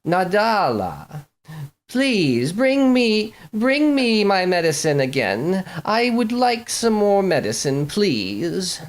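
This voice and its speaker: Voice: medium pitch, lively intonation, measured pace, long pauses, natural voice. A game master voicing an ailing, theatrical female opera prima donna who moans languidly. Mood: moaning. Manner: languid, dramatic, moaning.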